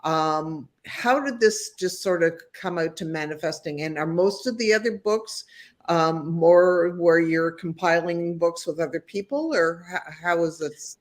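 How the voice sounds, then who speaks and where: A woman's voice: fairly low pitch, measured pace. A woman co-hosting an interview over a video call, asking thoughtful questions and feeling her way through them. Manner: thoughtful, searching questions with fillers. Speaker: podcast co-host.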